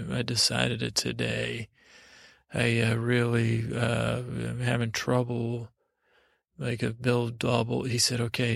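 Man, podcast host, mid-pitched and very gravelly; meandering, sleepy, halting bedtime storyteller; dry close-mic sound. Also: fairly bright tone, no room sound.

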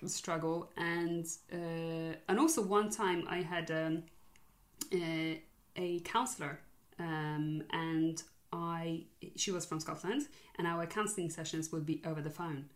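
Young woman chatting, kinda low voice, hesitant and earnest, laughs a lot. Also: steady tone, takes it slowly. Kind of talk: casual chat.

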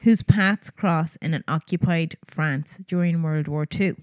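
A woman's voice: low voice, unhurried, no echo. A young woman co-hosting a podcast in casual chat, talking on in a loose way with frequent laughs and sentences she leaves unfinished. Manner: chatty, laughs often, trails off mid-sentence. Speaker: podcast co-host.

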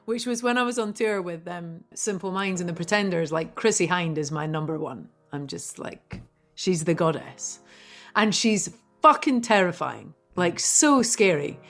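A woman musician chatting as a podcast guest, telling lively stories with frequent swearing and laughter. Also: fairly low pitch, normal speed, soft background music. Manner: animated storyteller, swears freely, laughs often. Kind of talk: casual interview chat.

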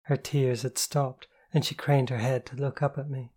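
A woman reading a novel aloud in the first person, calm, slow and intimate. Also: very deep voice, breathy edge. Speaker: audiobook narrator.

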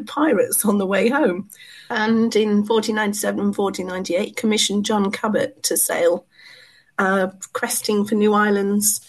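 Hoarse woman historian guest, earnest, explains things, mid pitch. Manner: earnest, explanatory, with small laughs. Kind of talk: interview answers.

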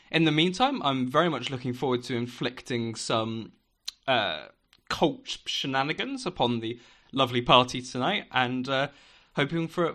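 Give me a wry man running a tabletop game, his tone bright and a little sharp, pitched right in the middle. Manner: wry, self-mocking, with filler "uh"s. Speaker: guest game master. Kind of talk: casual tabletop podcast intro.

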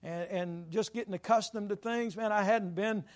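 Male pastor, high-pitched, folksy rambling sermon storyteller. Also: moderate pace. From Louisiana. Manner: folksy, rambling storytelling with self-deprecating humor. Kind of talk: sermon told as a personal story.

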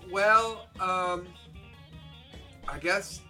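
Male player, sharp bright tone, slightly high, jokey and halting. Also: soft background music. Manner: hesitant, joking, thinks aloud with fillers. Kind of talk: casual tabletop game chat.

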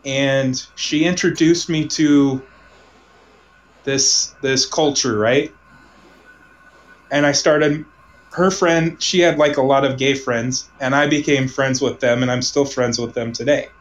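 A man from Omaha telling a personal story in casual conversation, rambling, restarting sentences and trailing off softly. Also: mid-range voice, steady tone, slow pace, rough recording.

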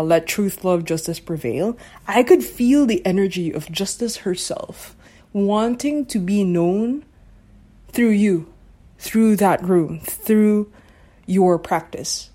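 A young woman talks on her own podcast in a relaxed, unhurried way. Her voice is mellow and warm, in a middle register. She muses aloud, hunts for words and keeps asking whether the listener sees what she means. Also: mid-range voice. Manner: musing, searching for words, often asks if listener follows. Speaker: podcast host. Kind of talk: casual solo podcast talk.

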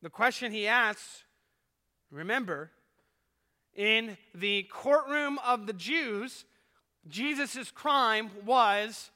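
A man's voice: sits high, expressive, very slow, long pauses, pushed and bright. A man preaching a sermon as pastor, earnest and swelling and dropping in volume as he retells a scene. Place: church sanctuary. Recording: echoey church hall.

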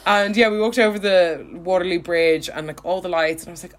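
A young woman with a brisk voice on the low side co-hosts a casual podcast chat. She talks with lots of fillers and laughs frequently.

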